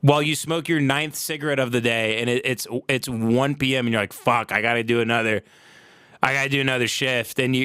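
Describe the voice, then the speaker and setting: A man's voice: mid-range voice, fairly bright tone, clean tone, dry recording. A young adult man, a comedy podcast host, delivering a sarcastic, profane, worked-up comedic rant.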